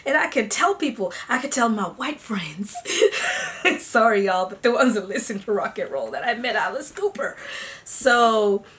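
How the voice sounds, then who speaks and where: A young woman from Africa telling a personal story to her vlog viewers, animated and chatty, calling them y'all. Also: a little high. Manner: animated, acts out her own squeals and gasps. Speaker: vlogger. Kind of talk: casual storytelling.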